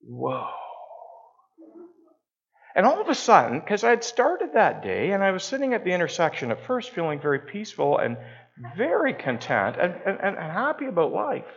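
A man's voice: high voice, wildly swooping pitch, brisk. A middle-aged man from Canada, a pastor telling a story in a conversational, self-deprecating way during a sermon in a church. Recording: muffled lo-fi church recording.

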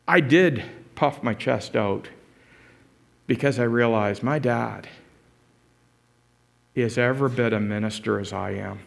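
A pastor preaching a sermon, telling a personal story in an earnest way and building to emphatic exhortation. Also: male voice, mid-range voice, measured pace, gravelly, long pauses. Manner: animated, rising to emphatic exhortation.

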